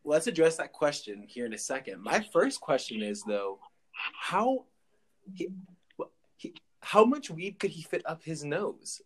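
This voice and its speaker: A young man hosting a casual podcast, chatting in a relaxed, easygoing manner. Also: medium pitch, normal speed. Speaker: podcast host. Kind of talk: casual chat.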